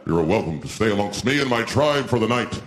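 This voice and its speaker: A man doing a calm, low-voiced tribal chief. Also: reverberant, natural voice. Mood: dry. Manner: calm, measured, dry. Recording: noisy live stand-up recording.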